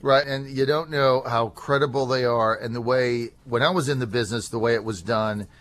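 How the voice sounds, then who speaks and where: A man's voice: mid-range voice, steady tone, normal speed, fairly bright tone, a little hiss or hum. A man hosting a talk radio show, talking in a rambling, conversational way with many fillers.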